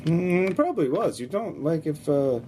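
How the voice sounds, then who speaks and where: A man's voice: a little high, big pitch swings, moderate pace, warm tone, pitched above the performer's own voice. A man voicing a mystic old grandmother with a put-on Russian accent, sly and cryptic. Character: old woman grandmother, mystic tarot reader. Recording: noisy background.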